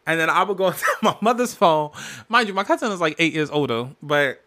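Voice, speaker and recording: A man hosting a solo podcast, telling family memories in a candid, emotional way with lots of profanity and animated bursts. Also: fairly high pitch, fast. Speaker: podcast host.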